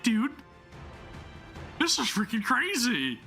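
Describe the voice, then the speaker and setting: Soft background music plays as a man who runs a gaming channel reacts with excitement to the story. Speaking high at a measured pace, he swears, laughs, stumbles over words and reads narration aloud in between.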